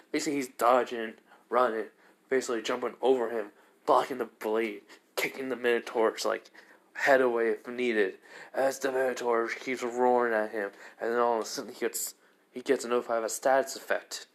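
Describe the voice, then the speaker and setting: A man's voice: mid-range voice, steady tone, normal speed. A man casually narrating a made-up story, rambling and correcting himself as he goes. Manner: rambling, lots of fillers and restarts. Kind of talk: casual spoken fan-fiction narration.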